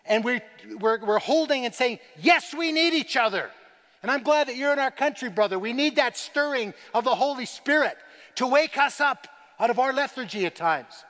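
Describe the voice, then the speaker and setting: A man's voice: extremely high pitch, animated, moderate pace, a bit bright. A Canadian man preaching a sermon, telling earnest stories and rising to emphatic declarations. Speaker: guest speaker on persecuted church. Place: large church. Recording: long reverb of a large hall.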